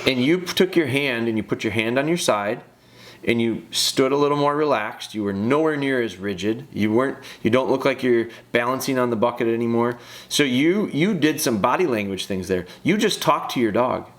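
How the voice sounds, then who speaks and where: A man's voice: mid-range voice, expressive, moderate pace. A man breaking down a dog training video, talking straight to the handler in a direct, coaching way and repeating phrases for emphasis. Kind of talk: casual video breakdown commentary.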